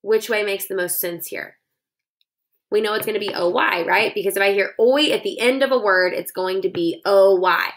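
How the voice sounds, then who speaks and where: A woman teacher leads a phonics lesson for young kids, breaking words into syllables slowly and clearly. Her voice is bright and forward, with a steady, encouraging manner. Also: medium pitch.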